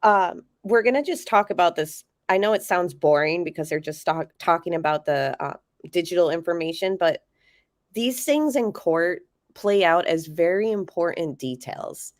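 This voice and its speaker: A woman with a low, nasal, congested voice hosts a casual true-crime livestream, chatting loosely with viewers. She speaks close and dry, with no room sound. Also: lively intonation, normal speed, no echo. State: sick, congested. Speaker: livestream host.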